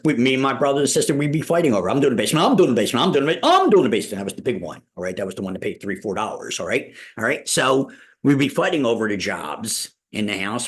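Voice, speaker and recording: A man teaching a live online business class, folksy and repetitive, asking "all right?" often. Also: medium pitch. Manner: folksy, repeats "all right?" and "ladies and gentlemen". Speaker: real estate school instructor. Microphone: video call.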